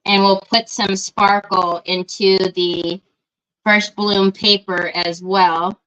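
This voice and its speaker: A woman's voice: mid-range voice, flat delivery, slow pace, a bit bright, clean tone. A middle-aged woman, chatting casually and greeting viewers by name while she crafts on a livestream. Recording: dull lo-fi livestream audio.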